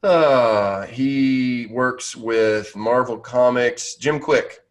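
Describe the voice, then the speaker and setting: A man's voice: mid-range voice, very slow, rough recording. A man hosting a casual video-call interview, rambling with many restarts and fillers. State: out of breath. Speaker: podcast host.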